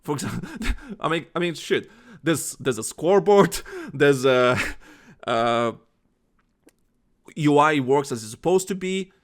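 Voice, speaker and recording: A man's voice: fairly high pitch, lively intonation, unhurried. A man co-hosting a gaming podcast in casual chat, rambling with frequent restarts. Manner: rambling, restarts often, laughs and swears. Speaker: podcast co-host.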